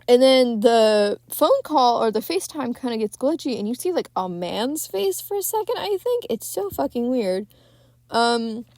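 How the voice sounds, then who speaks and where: A woman's voice: a little high, gravelly, a little mellow, no room sound. Chatty young woman podcast host. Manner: rambling, many fillers, swears freely, frequent laughs. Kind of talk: casual film recap.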